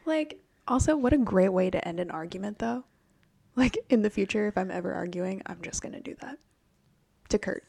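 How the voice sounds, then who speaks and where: A woman's voice: medium pitch, expressive, moderate pace, vocal fry, dark tone, breathy edge. A woman co-hosting a book podcast, chatting casually and animatedly, swearing freely and acting out quotes. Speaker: podcast co-host.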